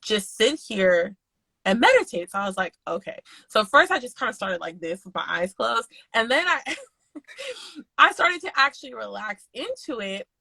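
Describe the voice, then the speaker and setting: A young adult woman co-hosting a parenting podcast, telling a candid story in frank, profane, animated casual chat. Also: on the high side, normal speed, gravelly, slightly rough, no echo, poor audio. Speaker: podcast co-host.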